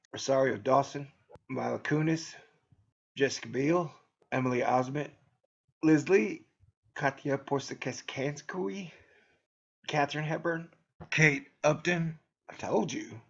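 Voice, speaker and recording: A man's voice: medium pitch, creaky, breathy edge, lo-fi sound. A man hosting his own video channel, rambling through a sarcastic, jokey monologue and laughing at his own jokes. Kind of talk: casual joking monologue.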